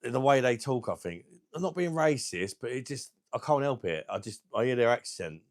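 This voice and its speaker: A man hosting a live stream, chatting casually and bluntly with viewers, crude and quick to laugh at his own jokes. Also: medium pitch, big pitch swings, no echo, clean studio sound. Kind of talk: casual live chat reading viewer comments.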